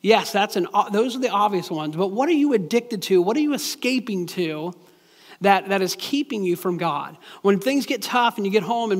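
High-voiced man preaching in a big hall. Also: lively intonation, moderate pace. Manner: conversational, plain-spoken preaching with frequent restarts. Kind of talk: sermon.

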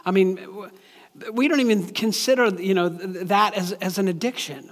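A man's voice: high voice, a little fast, a bit bright, in a large hall. A man preaching a sermon in a plain, conversational way, often stopping to restart his sentences.

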